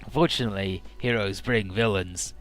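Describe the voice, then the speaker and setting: A man casually recapping a game's story as a let's-play commentator, full of fillers and swearing, often jumping into quick mock voices for the characters. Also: on the low side, a bit bright, soft background music.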